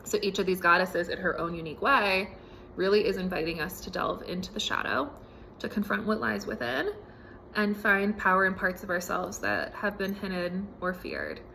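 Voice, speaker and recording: A woman hosting a spiritual podcast, speaking in a relaxed and casual way with many fillers, recorded at home. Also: medium pitch, normal speed, gravelly, slight background noise. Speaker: podcast host.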